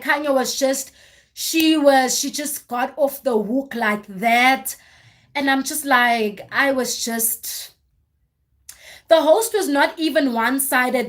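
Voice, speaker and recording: A woman hosting a livestream, recapping a reality show in casual chat with animated, exasperated storytelling. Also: high voice. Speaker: livestream host.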